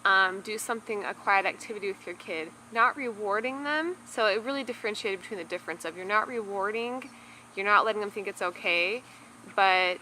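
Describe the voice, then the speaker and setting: A woman's voice: mid-range voice, sharp tone, a little hiss or hum, poor audio. A young adult woman casually reviewing a parenting book to camera, talkative, with lots of fillers and restarts.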